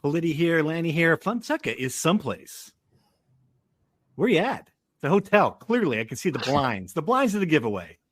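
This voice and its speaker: A man's voice: a little high, sing-song, moderate pace, no room sound, clean studio sound. A man hosting a casual sports podcast, joking and teasing his co-hosts. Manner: joking, teasing, self-described hotel snob. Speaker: podcast host.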